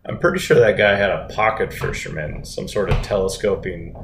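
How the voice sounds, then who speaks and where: A man co-hosting a casual chat, telling stories in an easygoing way with dry humor. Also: fairly quick. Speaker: podcast co-host. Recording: roomy echo, faint rumble.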